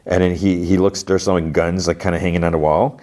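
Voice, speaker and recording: A man's voice: low voice, flat delivery, fairly quick, mellow. A man hosting a podcast, casually recapping an episode in a rambling way, full of fillers. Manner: rambling, filler-heavy retelling. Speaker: podcast host.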